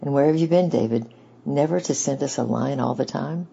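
A man's voice: medium pitch, brisk, vocal fry, mellow, slightly rough. A man voicing an elderly island grandfather who is hearty and emotional, in a raised, exclaiming manner. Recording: dull lo-fi recording.

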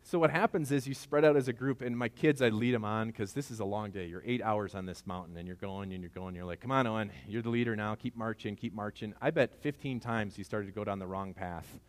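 A man's voice: fairly low pitch, brisk, few pauses. A man in his forties, a pastor giving a sermon in a conversational, storytelling way, often asking the congregation questions.

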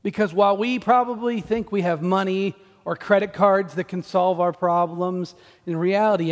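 Pastor, man, 40s, high voice, animated self-deprecating storyteller, echoey church hall. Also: normal speed. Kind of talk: sermon.

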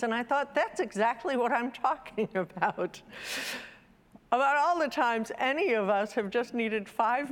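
A woman with a fairly high voice gives a reflective talk, gently inviting her listeners in and reading a storybook aloud like a storyteller. Her voice rings out with a long reverb, as in a large hall.

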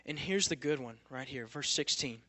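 A man's voice: medium pitch, moderate pace, pushed and bright, no echo. A young man preaching a sermon to a campus group in a casual, emphatic way, full of rhetorical questions.

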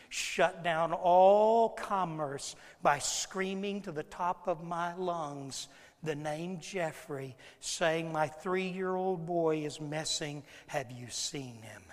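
Man, pastor, sermon, hushed to shouting, repeats himself, reverberant hall. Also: high voice. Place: church hall.

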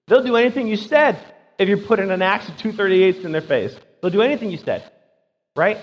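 A man's voice: high voice, animated, fairly quick. Male pastor, emphatic conversational sermon; dull recording with long reverb. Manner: emphatic, asks rhetorical "right?".

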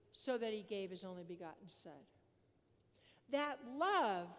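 A woman priest preaches a sermon at an unhurried, deliberate pace, her voice sitting high. She speaks earnestly and repeats phrases for emphasis. The sound carries a long reverb from a large church sanctuary.

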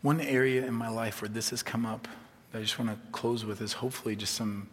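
Male pastor, sermon delivery, conversational with humor, soft-to-emphatic swings, long hall reverb. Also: medium pitch, steady tone, brisk.

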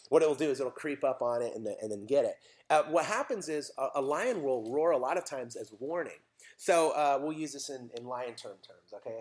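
Chatty joking man preaching. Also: fairly high pitch. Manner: chatty, joking, asks the audience questions. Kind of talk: casual sermon.

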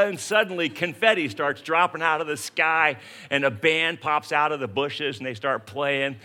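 A man's voice: a little high, moderate pace. A man preaching a sermon, telling everyday stories and acting out scenes to make his point. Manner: storytelling, animated, acts out scenes. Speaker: pastor.

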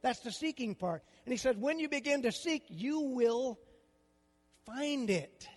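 A man's voice: extremely high pitch, lively intonation, unhurried, long reverb tail. An older man preaching a sermon as a pastor, with a conversational style full of rhetorical questions.

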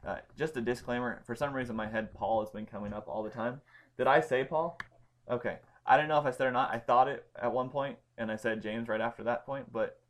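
Leading a casual Bible study, a man with a mid-range voice explains Greek grammar at a brisk clip. He's informal, leans hard on key words, and fills his talk with ums and restarts.

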